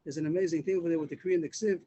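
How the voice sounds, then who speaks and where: A man's voice: a little high, fairly even intonation, rapid-fire, mellow, slightly rough, low-quality recording. A man teaching a Talmud class over a video call, explaining step by step with repeated words and restarts. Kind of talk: Daf Yomi class.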